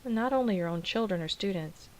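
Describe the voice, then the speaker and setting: A woman special education teacher explaining things in a calm, measured, scripted dialogue. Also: mid-range voice, a little hiss or hum, poor audio.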